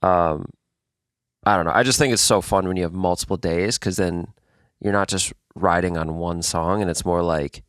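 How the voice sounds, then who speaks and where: A man's voice: low voice, moderate pace, no echo, clean studio sound. A male co-host chatting enthusiastically about songwriting. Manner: enthusiastic, expressive. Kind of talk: casual chat.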